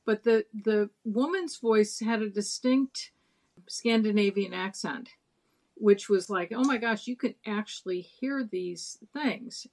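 A middle-aged woman, a docent and interview guest, telling stories in a chatty, meandering way with many fillers. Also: medium pitch. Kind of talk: casual interview storytelling.

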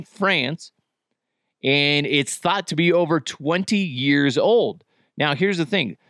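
A man's voice: fairly high pitch, fairly bright tone, no echo, clean studio sound. A man hosting a podcast in a casual, rambling monologue, joking and swearing as he talks. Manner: rambling, jokey, profane. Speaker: podcast host.

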